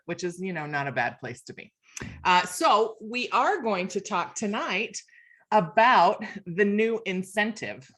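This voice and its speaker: A woman's voice: fairly low pitch, pushed and bright. A woman filling in as host of a video call, chatty and self-deprecating, laughing often. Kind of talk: casual video call chat.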